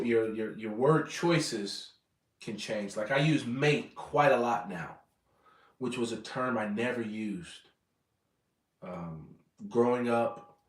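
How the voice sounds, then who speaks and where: An American man chatting casually on a livestream, rambling and often repeating words as he corrects himself. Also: lowish voice. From United States. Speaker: vlogger. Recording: roomy sound, mic at a distance.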